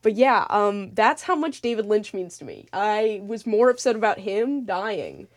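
A woman's voice: medium pitch, animated, unhurried. A young woman hosting a late-night radio show, chatting casually and rambling with lots of fillers and restarts. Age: young adult.

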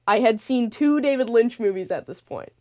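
A woman's voice: fairly high pitch, animated, moderate pace, dark tone, no room sound, studio quality. A young woman hosting a late-night radio show, chatting casually and rambling with lots of fillers and restarts. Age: young adult.

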